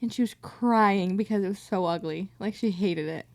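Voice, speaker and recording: A young woman co-hosting a podcast in casual chat, chatty and quick to laugh and react. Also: medium pitch, a little mellow. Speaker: podcast co-host.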